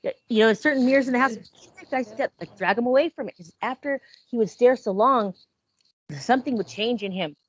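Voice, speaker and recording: A woman hosting a casual podcast chat, telling creepy stories in an animated way and acting out the voices in them. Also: a little high, fairly quick. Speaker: podcast host. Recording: dull lo-fi sound.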